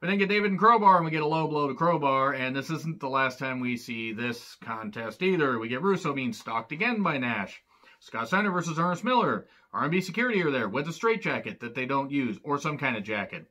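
Guy with a bright edgy voice going off about an old wrestling episode, swearing a lot, super sarcastic. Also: medium pitch, animated, a little fast. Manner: profane, exasperated ranting. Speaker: wrestling show reviewer. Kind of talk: casual recap commentary.

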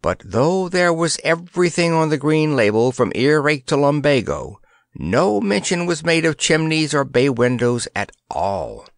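Male storybook narrator; expressive, unhurried, animated delivery. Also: fairly high pitch, no room sound, studio quality. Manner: expressive, measured. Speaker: audiobook narrator. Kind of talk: scripted audiobook narration.

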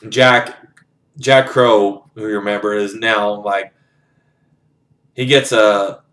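Casual male book reviewer, lowish voice, loose and profane, heavy on fillers. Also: fairly even intonation, takes it slowly, fairly bright tone. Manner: rambling, profane, lots of "you know". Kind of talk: casual retelling of a novel.

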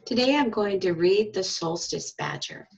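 A woman reading a storybook aloud to school children and parents, in a calm, expressive storytelling manner. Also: medium pitch, normal speed, gravelly, a little hiss or hum. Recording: dull lo-fi recording.

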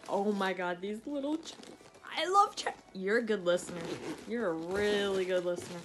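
Young american girl opening presents, super animated squeals, noisy audio. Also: medium pitch, normal speed. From USA. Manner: excitable, squealing, gushing. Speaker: gift recipient. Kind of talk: casual unboxing chat. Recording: noisy home recording.

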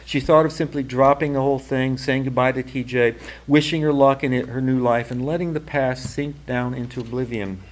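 Man reading his own novel aloud, calm and measured, plain middle pitch. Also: rough recording. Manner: measured, even narration. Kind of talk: literary fiction reading.

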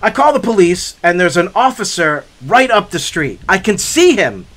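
Animated, high-voiced man telling a story. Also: moderate pace. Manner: dramatic, builds up to shouted reenactments. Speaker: hiking vlogger. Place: outdoor forest trail.

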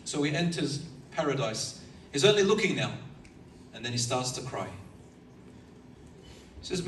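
A man preaching a sermon, an animated storyteller who chuckles between his points. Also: mid-range voice, measured pace, pauses often, a little hiss or hum. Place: lecture hall. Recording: echoey hall, mic from far off, faint ambience.

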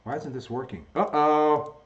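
A man's voice: on the high side, moderate pace. A man teaching history from slides, talking casually and correcting his own slips as he goes. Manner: conversational, self-correcting, chuckles at own slips. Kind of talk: recorded slideshow lecture. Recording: echoey room, dull lo-fi sound.

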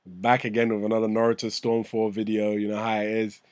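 A man hosting a gaming channel, giving excitable live commentary on a fighting game, swearing and yelling at his opponent. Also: lowish voice, fairly quick, dry recording. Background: game music.

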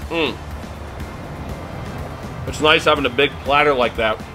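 A man's voice: mid-range voice, measured pace, over music. A middle-aged man hosting a casual cooking video in his garage, chatty and laughing often. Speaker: griddle cooking video host. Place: home garage.

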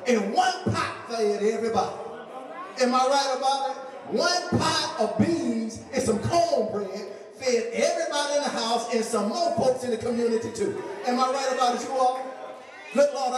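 A man preaching a sermon as pastor, joking playfully with the congregation and building up to a shout. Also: extremely high pitch. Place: church sanctuary. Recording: echoey church from a distant mic.

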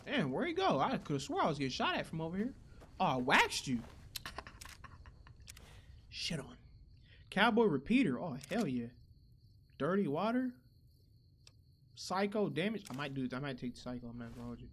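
A young man giving casual, profane gameplay commentary who reacts loudly to the action. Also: on the high side, very animated, moderate pace, pauses often, slight background noise. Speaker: gaming channel host.

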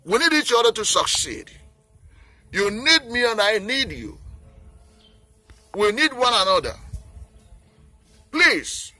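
Pleading Nigerian man, lively high voice. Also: unhurried, pauses often, no room sound. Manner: pleading, repetitive, earnest. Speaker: peace campaigner. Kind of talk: impassioned appeal speech.

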